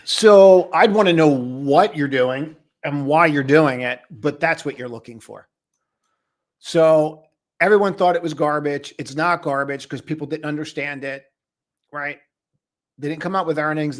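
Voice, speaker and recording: A man hosting a live trading stream, talking loosely and casually to viewers, calling them brother and buddy. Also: a little high.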